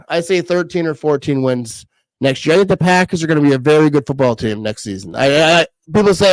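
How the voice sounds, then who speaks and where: A man's voice: fairly high pitch, quick pace, dry recording, rough recording. A man in his thirties hosting a casual live stream, rambling and laughing often as he reads comments. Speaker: livestream host reading comments.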